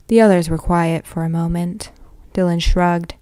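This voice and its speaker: A woman's voice: fairly low pitch, fairly even intonation, normal speed, mellow, no room sound, clean studio sound. A woman reading a novel aloud in a plain manner, with occasional slips that she corrects. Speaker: reader.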